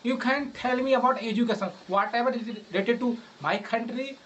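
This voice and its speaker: A man's voice: very high-pitched, brisk, fairly bright tone, highs cut off, slight background noise. Patient Indian English trainer, man. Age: 20s. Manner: patient, repeats questions. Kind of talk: casual English practice conversation.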